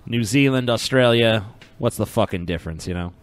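A man on a podcast throwing in short, deadpan, profane quips. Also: fairly low pitch, a little fast. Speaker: podcast co-host. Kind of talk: casual profane podcast banter.

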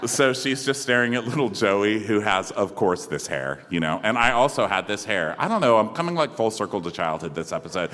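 A man co-hosting a live podcast, recapping an episode with campy jokes and quick impressions. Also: fairly low pitch, animated, a bit bright. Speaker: podcast co-host. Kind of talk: comedic recap chat. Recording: live venue with hall reverb.

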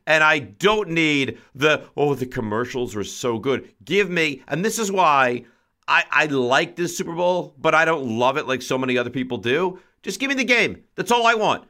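A man's voice: on the high side, bright, forceful tone. A man hosting a sports talk show, playfully grumpy and emphatic in his complaints. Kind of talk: casual chat.

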